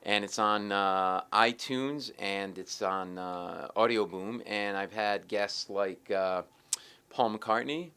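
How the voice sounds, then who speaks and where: A middle-aged man, a comedian telling animated stories in an interview and acting out the people in them. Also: on the low side, clean tone. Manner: acts out the other people in his stories, quick and lively. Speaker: stand-up comedian, interview guest.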